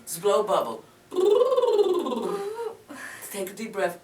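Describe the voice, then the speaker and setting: Recorded from a distance in an echoey room with background noise, a woman teaches a voice lesson. She's talkative and supportive and keeps calling her student "girl." Her lowish voice moves slowly with lively intonation.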